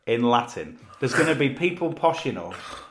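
Lively man, roomy echo. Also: mid-range voice, normal speed, slight background noise. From Leicester, England. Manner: chatty, laughs easily, encouraging. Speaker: podcast host. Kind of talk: casual podcast chat.

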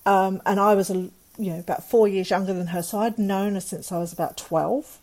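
Heard first is a mid-pitched woman talking at an ordinary pace, candid and earnest as she recounts something personal. She is middle-aged and speaks as an interview guest, rambling a little with fillers and restarts. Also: fairly even intonation, brisk, a little mellow. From England. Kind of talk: personal storytelling in conversation.

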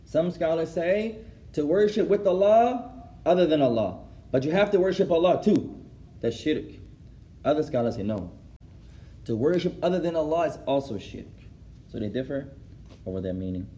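A man's voice: on the high side, lively intonation, normal speed, long pauses, mellow. A man teaching an Islamic lesson to a class. He switches between English and Arabic, translating as he goes, repeats phrases for emphasis and laughs at his own stories.

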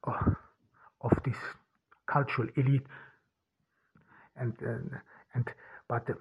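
A man hosting a podcast, talking in a halting way with many restarts and fillers. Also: medium pitch, flat delivery, vocal fry, breathy edge. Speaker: podcast host. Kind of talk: casual monologue. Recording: dull lo-fi audio.

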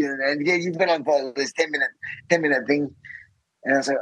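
Husky Australian man telling stories. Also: a little high, normal speed, no room sound, rough recording. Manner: rambling, many fillers and restarts. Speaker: guest, fighter. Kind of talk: casual storytelling.

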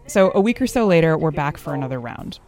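A woman's voice: sits low, animated, quick pace, darkish tone, soft background music. A woman hosting and narrating a podcast in a conversational, explanatory way.

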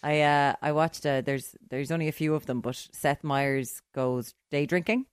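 Chatty podcast co-host, mid pitch. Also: fairly even intonation, smooth, no room sound, clean studio sound. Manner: chatty, quick to chime in with quips. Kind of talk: casual podcast chat.

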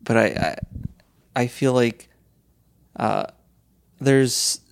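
Slow, gravelly young man host, dry sound. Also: mid-range voice, dry recording. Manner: slow, halting questions with many fillers. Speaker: podcast host. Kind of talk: casual podcast interview.

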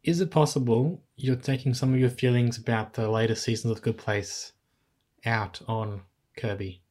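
An Australian woman co-hosting a podcast, measured and gently questioning in a casual film chat. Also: extremely low pitch, fairly even intonation. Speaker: podcast co-host.

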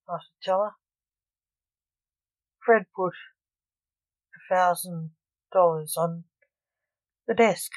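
A woman narrates a short story in a plain, even reading. Her voice sits on the low side and moves very slowly. The recording is dry and close. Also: dry recording, poor audio.

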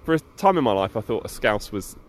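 Breezy low-voiced man. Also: big pitch swings, fast. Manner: breezy, rambling. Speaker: podcast co-host. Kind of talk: casual phone call. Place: outdoors by the sea.

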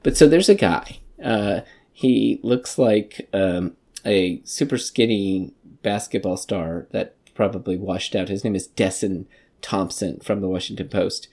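A man's voice: on the low side, a little slow, dark tone. A man hosting a podcast, ranting profanely in casual movie review chat. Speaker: podcast host.

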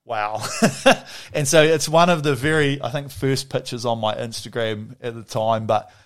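A man's voice: medium pitch, a little slow, fairly bright tone. Rambling, swearing middle-aged man. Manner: rambling, swears freely, restarts. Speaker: podcast guest. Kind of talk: casual storytelling.

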